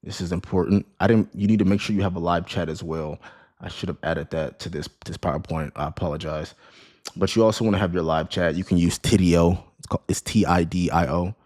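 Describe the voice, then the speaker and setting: A man with a deep, low-pitched voice walks through an online store on his screen. He teaches casually, like he is talking to a friend. He keeps checking in with the listener and often cuts off and restarts his words. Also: steady tone, brisk, a little mellow. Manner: conversational, repeats "right?" and "you know what I mean?", restarts words. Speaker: online business course creator. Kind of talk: casual screen-share lesson.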